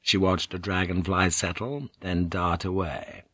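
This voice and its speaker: A man reading an audiobook as the narrator in a measured, low-key way. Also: steady tone, sharp tone, husky, no room sound. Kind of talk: scripted narration.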